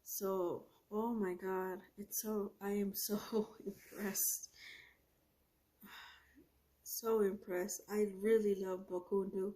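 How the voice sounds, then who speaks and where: A woman's voice: mid-range voice, little pitch movement, slow pace, dark tone. A woman hosting an art channel, casually reviewing paints as she swatches them, gushing and often trailing off mid-sentence.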